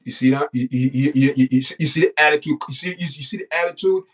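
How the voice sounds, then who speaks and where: Man as livestream host, preachy and indignant, slightly raised pitch, a little off the mic. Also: fast, distant mic. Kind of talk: opinionated livestream commentary.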